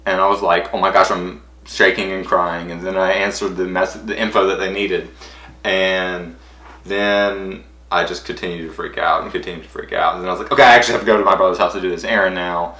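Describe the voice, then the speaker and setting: A young man with a bright, forceful voice pitched a little low tells a story for his vlog. He rambles with excitement and keeps stacking "and I was like". The room around him rings with echo. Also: a little fast. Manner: breathless, rambling, acts out quotes in high squeals. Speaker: vlogger.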